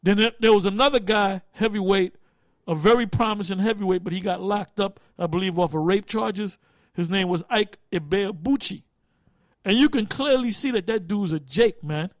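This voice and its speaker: With a voice that sits high and a moderate pace, a man runs a group study, preaching casually with street slang and swearing. He thinks aloud, often stopping to find a word and then starting again. There is no echo.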